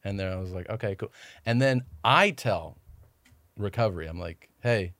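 Low-voiced man telling a rambling story. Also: lively intonation, moderate pace, fairly bright tone, no echo. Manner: rambling, swears, acts out quoted dialogue. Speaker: podcast guest. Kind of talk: casual storytelling chat.

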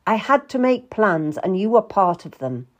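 A woman's voice: mid-range voice, big pitch swings, moderate pace. A woman voicing a stern, impatient middle-aged duke who talks in a brusque, dismissive way. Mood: curt.

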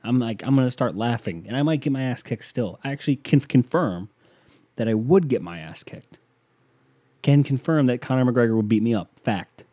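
A man's voice: mid-range voice, animated, normal speed, dark tone, no echo. A man from the United States hosting a podcast, talking in a rambling, sarcastic monologue into a close mic. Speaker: podcast host.

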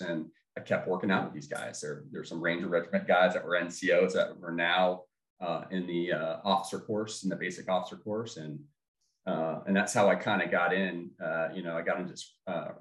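A middle-aged man, a former Army officer, telling his story in an interview, halting, with many fillers and restarts. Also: deep voice, a bit bright. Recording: echoey room.

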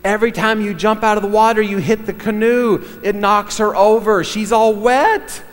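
A man's voice: high voice, fairly even intonation, moderate pace, in a large hall, pitched above the performer's own voice, close to an everyday voice. A man putting on an exasperated film director. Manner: impatient, barking orders.

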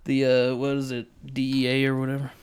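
A man's voice: mid-range voice, completely flat delivery, a little fast, clean tone. A man co-hosting a podcast, chatting casually about a film, laughing often and quoting scenes. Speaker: podcast co-host. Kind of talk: casual movie chat.

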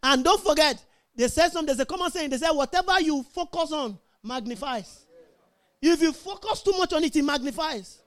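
A middle-aged woman preaches with a strikingly high voice. She stresses her points and keeps checking in with the congregation, asking if they are with her. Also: lively intonation, brisk. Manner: emphatic, call-and-response with congregation. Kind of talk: sermon.

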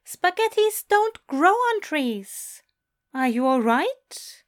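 A woman voicing a fussy, excitable male angel who exclaims in a high, flustered voice. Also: slow, full character voice.

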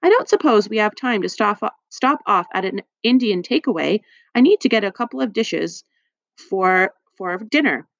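A woman's voice: mid-range voice, expressive, normal speed, vocal fry, no echo, highs cut off. A woman voicing a grumpy, bossy young boy in an audiobook, speaking curtly. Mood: grumbling. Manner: curt and snappish.

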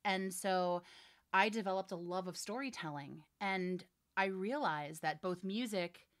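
A woman in her forties, a voiceover artist and director, chatting in an interview with lively, emphatic energy and frequent laughs. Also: on the low side, measured pace. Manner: animated, laughing, emphatic storytelling. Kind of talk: casual interview chat.

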